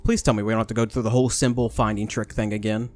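A man's voice: lowish voice, level tone, racing, darkish tone, faint music behind. A young man doing let's play commentary, joking and talking to the characters on screen. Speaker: gaming YouTuber.

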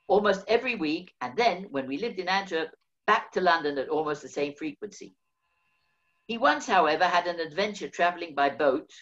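Older male author reading his memoir, wry and measured, on a dull lo-fi recording. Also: fairly high pitch, fairly bright tone. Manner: measured, wry first-person storytelling.

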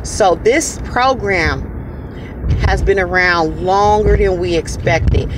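A woman's voice: fairly low pitch, background noise. A woman giving an earnest motivational testimony, repeating phrases for emphasis. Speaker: speaker sharing her story.

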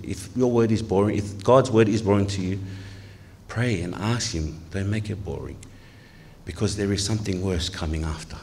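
A male pastor from Tonga preaches a sermon in church with a lowish voice. He sounds earnest and keeps putting questions to the congregation. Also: normal speed, a little mellow.

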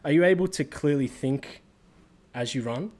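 A man's voice: a little high, normal speed, darkish tone. A man hosting a podcast interview, asking easygoing, rambling questions. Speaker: podcast host. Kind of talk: interviewer chat.

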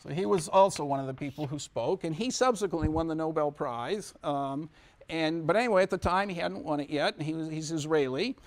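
A man's voice: a little high, fairly quick. A man lecturing a university class in a conversational way, with many asides and restarts. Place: lecture hall.

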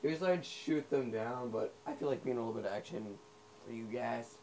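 A man's voice: medium pitch, brisk, a little mellow. A young man giving casual, rambling commentary while playing a video game, full of fillers and asides. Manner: rambling, filler-heavy, easily sidetracked. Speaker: gamer. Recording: noisy home recording.

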